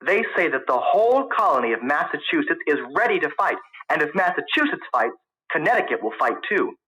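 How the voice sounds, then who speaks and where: A man's voice: a little high, big pitch swings, fairly quick, bright, forceful tone, rough recording. A man reading aloud, voicing a nervous, argumentative young college student who keeps defending himself. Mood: heated. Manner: eager, defensive.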